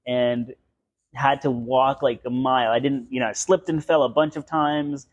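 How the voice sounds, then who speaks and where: A man's voice: mid-range voice, steady tone, moderate pace, dull audio. A young man from Florida telling a story in casual podcast chat, rambling and laughing often. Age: young adult.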